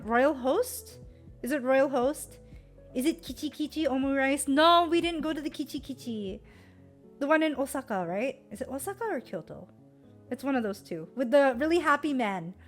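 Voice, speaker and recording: A young American woman streamer chatting casually about a trip, giggly and full of fillers. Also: high voice. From United States.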